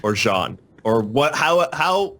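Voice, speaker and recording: A man's voice: medium pitch, sing-song, takes it slowly, fairly bright tone. Man hosting a gaming podcast, mid voice, keeps the chat moving. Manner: steers the talk to the next topic. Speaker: podcast host.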